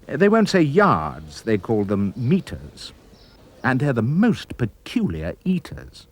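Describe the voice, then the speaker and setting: A man narrating a rhyming storybook in a playful, expressive way. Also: mid-range voice, slow. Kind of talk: storybook reading in rhyme.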